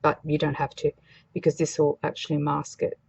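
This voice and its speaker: A woman's voice: low voice, completely flat delivery, brisk, creaky, breathy edge, dull audio. A woman demonstrating a craft project in a chatty, casual way, thinking aloud as she works. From Australia.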